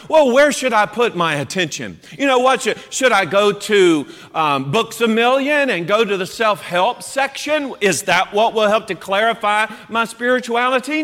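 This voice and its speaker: Animated high-voiced male preacher in a hall. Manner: animated, acts out quoted voices, emphatic. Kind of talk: sermon. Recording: long hall reverb.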